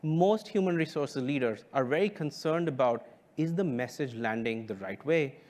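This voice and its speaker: A man giving a keynote as a company founder. He speaks in a measured, emphatic way with deliberate pauses. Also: medium pitch, lively intonation, a little mellow. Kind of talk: keynote presentation.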